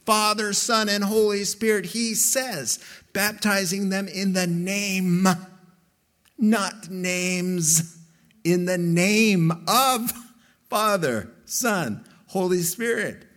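A man preaching a sermon as a pastor, emphatic and slow, with dramatic pauses between phrases. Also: sits high, fairly bright tone.

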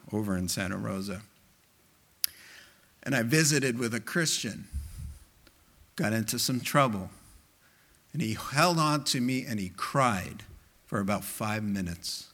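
A pastor preaching a sermon with impassioned, emphatic delivery, climbing into high quoted exclamations. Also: male voice, a bit bright.

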